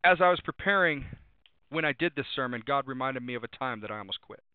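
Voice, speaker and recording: A man's voice: mid-range voice, animated, quick pace, clear, resonant tone, no echo. Emphatic preacher man on tinny line. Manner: emphatic, repeats refrains and cites verses. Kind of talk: sermon. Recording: tinny phone-like dry sound.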